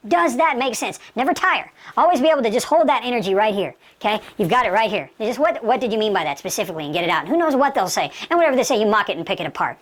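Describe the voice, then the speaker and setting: Woman instructor, quick pace, higher voice, emphatic delivery. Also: expressive. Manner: emphatic, acts out sample dialogue. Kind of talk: instructional talk.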